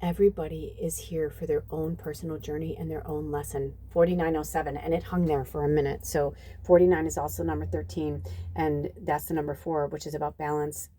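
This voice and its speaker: A woman in her fifties with a low, mellow voice, talking through a tarot reading to camera. She chats loosely with the viewers, calling them "you guys" and letting the odd swear word slip. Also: slight background noise. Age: 50s. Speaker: psychic medium and tarot reader. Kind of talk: casual channeled reading to camera.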